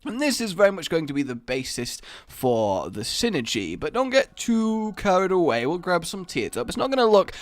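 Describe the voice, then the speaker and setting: A man's voice: high-pitched, big pitch swings, moderate pace, few pauses, no echo. A man commenting on gameplay in a rambling, playful, jokey way. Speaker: gaming video host.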